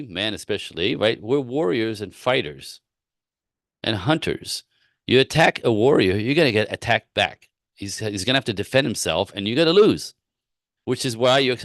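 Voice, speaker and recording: A relationship coach answers questions during a live-stream Q&A, offering advice through animated, rambling stories and frequent laughter. His fairly low voice is captured in studio quality with no room sound.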